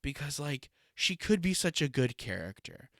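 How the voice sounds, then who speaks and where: A man's voice: fairly high pitch, very animated, moderate pace, a bit bright, dry recording, clean studio sound. A man hosting a solo podcast in a casual, rambling way, swearing freely and laughing often. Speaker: podcast host.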